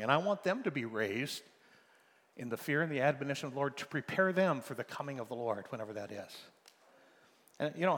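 An older man preaching a sermon as pastor, moving from soft storytelling to loud, emphatic exhortation. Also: mid-range voice. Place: church sanctuary. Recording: long hall reverb.

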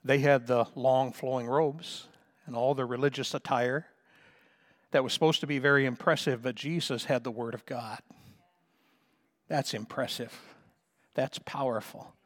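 A middle-aged male pastor preaching with fervor. He draws out key phrases slowly, then builds to loud, emphatic peaks. His voice sits at an ordinary middle pitch for a man. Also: steady tone. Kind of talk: sermon.

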